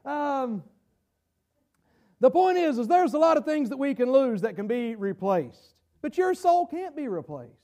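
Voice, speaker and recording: A man preaching a sermon to his congregation, stumbling over repeated words and rising to shouts for emphasis. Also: very high voice, very animated, measured pace. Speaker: pastor. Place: church sanctuary. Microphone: camera-recorded.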